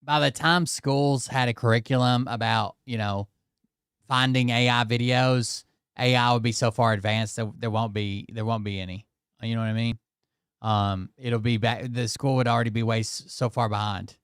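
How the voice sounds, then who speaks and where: Smooth dry-voiced man reacting offhand. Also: mid-range voice, fairly even intonation, normal speed, fairly bright tone, no room sound. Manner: offhand, muttering reactions, self-deprecating. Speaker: host. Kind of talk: casual reaction commentary.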